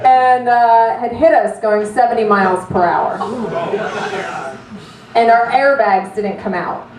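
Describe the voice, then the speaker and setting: A woman doing stand-up, her voice set a little high and heard from back off the mic in a roomy space. She tells her story in an animated, self-mocking way and swears freely, with a faint hum of ambience under her. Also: takes it slowly, recorded from a distance, a crowd in the background. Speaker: stand-up comedian.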